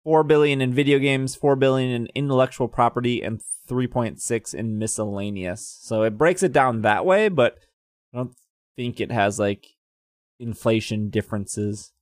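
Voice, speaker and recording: A man's voice: mid-range voice, normal speed, dry recording, studio quality. A man co-hosting a casual podcast, reading out news and figures in a loose, slightly scattered way. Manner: reads figures out, a bit scattered. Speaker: podcast co-host. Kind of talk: casual chat.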